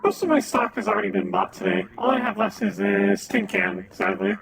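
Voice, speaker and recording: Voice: medium pitch, brisk, gravelly, poor audio. A streamer in a game roleplay, speaking as an easygoing merchant with chatty, musing talk. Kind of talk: in-character roleplay chat. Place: online voice chat game world. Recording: busy crowd of players behind.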